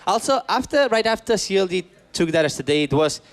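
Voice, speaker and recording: A male esports analyst talking through strategy at a desk, excitable and repeating himself as he goes. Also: sits high, a little fast. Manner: excitable, repeats words, non-native English phrasing.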